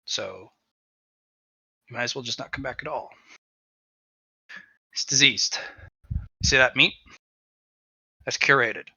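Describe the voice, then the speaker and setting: A man voicing a grim, wary veteran monster hunter who speaks low, quiet and threatening. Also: takes it slowly, creaky, pauses often, slightly rough, dry recording, exaggerated voice.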